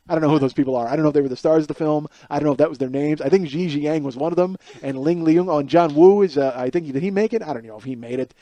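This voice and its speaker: Talking very fast with few pauses, this comedian and podcast host rambles through a self-mocking solo monologue on a close mic. His voice is fairly high-pitched and warm, and the recording is dry.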